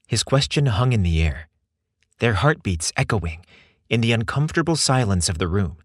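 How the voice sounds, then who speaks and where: A man reading a scripted story aloud with expressive, measured storytelling. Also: fairly low pitch, no room sound, clean studio sound. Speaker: narrator.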